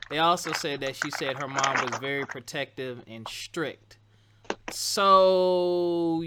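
A man's voice: a little high, pushed and bright, slight background noise. A man hosting a casual talk show, going over news topics in a loose, conversational way, often stopping to correct himself. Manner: conversational, wanders, laughs at himself. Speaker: podcast host.

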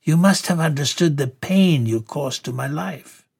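A man voicing Simon, a man speaking through a woman's body, slow, pleading and reproachful, with a husky voice. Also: on the high side, darkish tone, full character voice. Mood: aggrieved pleading.

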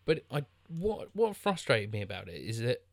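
A very animated man with a medium-pitched voice talks at a moderate pace while co-hosting a podcast. He rambles about a film in a casual chat, full of fillers and restarts, and there's no room sound.

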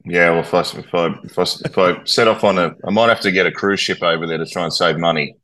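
A man's voice: low-pitched, fairly even intonation, fast, sharp tone, poor audio. A man with an Australian accent, a sports commentator chatting enthusiastically as a podcast guest. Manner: chatty, enthusiastic, many restarts. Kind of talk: casual podcast chat.

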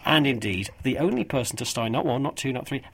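A man's voice: medium pitch, animated, quick pace, vocal fry, a bit bright. Male radio presenter, jokey, rambling, laughs a lot, faint hiss behind. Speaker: radio host.

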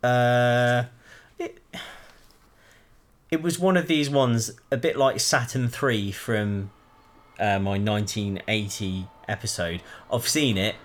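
A man co-hosting a casual podcast chat, laid-back and halting. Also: medium pitch, steady tone, slight background noise. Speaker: podcast co-host.

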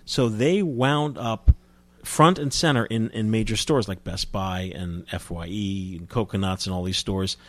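A man's voice: fairly low pitch, unhurried, fairly bright tone, dry recording. A man from New Jersey telling stories as an interview guest, chatty, with frequent restarts. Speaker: guest, film distributor. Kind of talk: casual interview storytelling.

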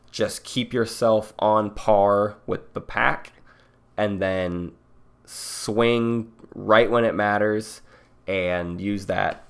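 A man's voice: on the low side, gravelly. A man co-hosting a casual board game podcast, rambling through strategy with a joking manner. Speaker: podcast co-host.

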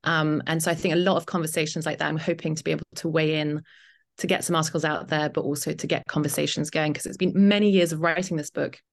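A woman's voice: low voice, steady tone, fast talker, creaky. A British woman, a journalist and author, talking as a guest in a podcast interview, thoughtful and with frequent fillers. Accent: British English. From Britain. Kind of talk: conversational interview.

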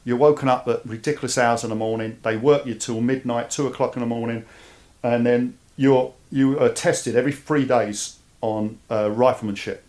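A man from East London with a Cockney accent, a guest telling his story in a casual interview. He speaks in an animated way and often repeats words as he starts a thought. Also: mid-range voice, moderate pace. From East London, England. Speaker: guest, army veteran.

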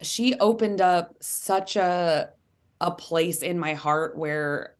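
A woman author being interviewed, talking earnestly and animatedly and acting out quotes in lively voices. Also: on the low side, slow, clean tone. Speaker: author and guest. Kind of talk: candid interview conversation.

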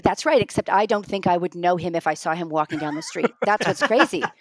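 A middle-aged woman, a guest actor, chatting on a remote interview in an animated way and acting out the lines she quotes. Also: fairly low pitch, fairly quick, dry recording. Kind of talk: casual remote interview chat.

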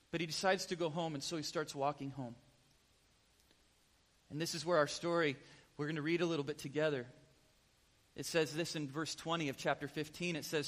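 Male preacher, high-pitched, animated storyteller, reverberant hall. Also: a little fast. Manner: animated, asks the listeners questions. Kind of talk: storytelling sermon.

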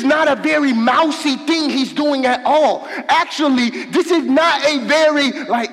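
A man preaching a sermon as pastor, emphatic, with folksy asides, swinging from shouts to low murmurs. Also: measured pace, hardly any pauses. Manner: casual, folksy asides to the congregation. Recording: long hall reverb.

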